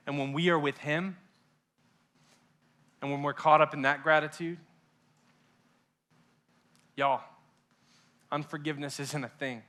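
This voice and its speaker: A young man preaching to a youth group in a bright, high voice. He swings from loud, urgent calls to hushed, close moments and voices his listeners' doubts aloud. The tone is passionate and sermon-like throughout. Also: fairly even intonation, unhurried, long pauses. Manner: acts out listeners' inner voices. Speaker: youth pastor.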